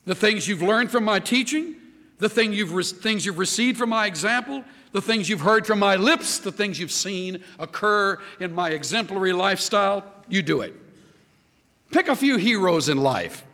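A man preaching a sermon, animated, building up to a joke story. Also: high-pitched, moderate pace, in a large hall. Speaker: pastor.

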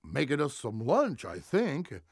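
A man voicing Papa Chuck, a gentle, patient older grandfather figure in a children's cartoon. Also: fairly high pitch, wildly swooping pitch, a little slow, breathy edge, dry recording, exaggerated voice.

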